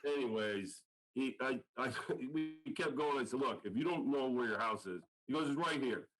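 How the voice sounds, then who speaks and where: A middle-aged college football line coach, a guest on a casual podcast interview, tells a story and acts out the quoted lines. His medium-pitched voice is expressive and moves at a normal speed, but the audio is poor.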